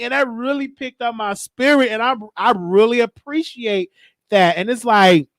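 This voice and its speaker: Brief: emotional, rambling show host from Chicago, gravelly voice, dry close recording. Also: male voice, extremely high pitch, moderate pace, fairly bright tone, no echo. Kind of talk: personal storytelling in an interview.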